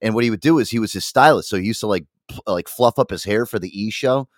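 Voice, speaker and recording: A male podcast co-host talks fast in casual chat and laughs easily. The recording is dry and close, with little room sound. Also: fairly low pitch, no room sound.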